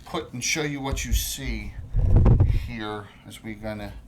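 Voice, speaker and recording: A man's voice: on the low side, measured pace, heavy background noise. A man with a New Jersey accent running a tabletop game as game master, rambling with many restarts.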